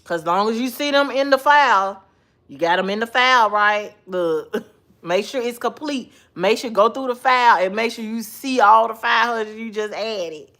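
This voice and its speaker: A woman's voice: fairly high pitch, moderate pace, a bit bright. A woman hosting a casual livestream chat, sleepy and yawning, laughing often as she talks with someone beside her. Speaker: livestream host.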